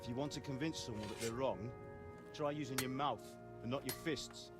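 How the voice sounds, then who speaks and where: An actor playing a stern, fatherly village blacksmith in a game cutscene, speaking in a grave, measured, lecturing way. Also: medium pitch, lightly acted. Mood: solemn. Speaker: game character. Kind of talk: scripted game cutscene dialogue. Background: music.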